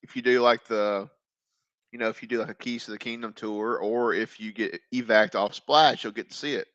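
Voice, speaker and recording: Bright-voiced man telling animated stories. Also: fairly low pitch, moderate pace, no echo, lo-fi sound. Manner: animated storyteller, acts out quotes. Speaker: podcast co-host. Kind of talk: casual chat.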